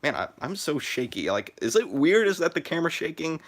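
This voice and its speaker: A teenage boy live streaming from his phone, chatting in a halting way with lots of "uh" and "like" and restarted sentences. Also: fairly high pitch, very animated. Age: teens. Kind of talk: rambling live stream chat.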